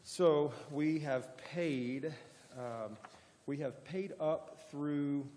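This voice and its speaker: A man serving as county sheriff, giving a plain-spoken report at a public meeting, halting often with fillers. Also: on the high side, dark tone, big-room sound, a little hiss or hum.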